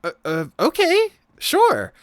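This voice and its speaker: A man doing a shrill bratty ink-spirit girl. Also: sing-song, unhurried, sharp tone, no echo, full character voice. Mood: eager. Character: mischievous little girl spirit made of ink.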